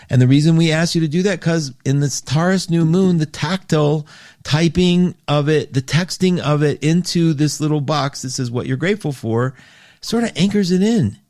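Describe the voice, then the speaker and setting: Chatty, animated male astrology host. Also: medium pitch, no echo, clean studio sound. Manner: animated, laughing, swings between loud bursts and soft asides; reads viewer comments aloud and answers them. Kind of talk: casual livestream chat with listeners.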